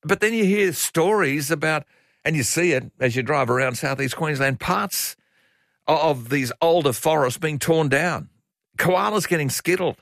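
An older Australian man hosts a talkback radio show in a chatty, opinionated manner. His voice sits a little high for a man. The studio sound is dry and close. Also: moderate pace, vocal fry, fairly bright tone, dry recording. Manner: opinionated, chatty, reads out listener messages.

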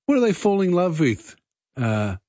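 A man's voice: high voice, big pitch swings, moderate pace, warm tone, dry recording, lo-fi sound. Chatty Australian man hosting late radio. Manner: chatty, with frequent uh fillers. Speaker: radio host. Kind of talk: casual late-night radio quiz hosting.

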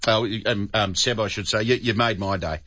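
Bright-voiced Australian radio host. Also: male voice, on the low side, a little fast, dull audio. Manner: chatty, friendly, says mate often. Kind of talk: talkback radio chat.

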